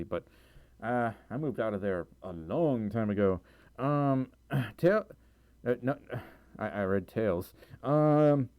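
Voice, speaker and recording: A man's voice: medium pitch, a little mellow, dry recording, studio quality. A young man livestreaming, reading out donations and chat messages in a rambling way with lots of fillers, tired and sore-throated with a recurring cough. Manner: rambling, many fillers, stumbles over reading.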